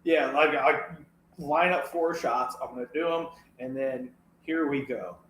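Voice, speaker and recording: A man's voice: medium pitch, a little slow, a bit bright. Laid-back co-host man in an echoey room. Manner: laid-back, agreeable, laughs easily. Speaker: podcast co-host. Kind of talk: casual chat. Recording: echoey room with faint noise.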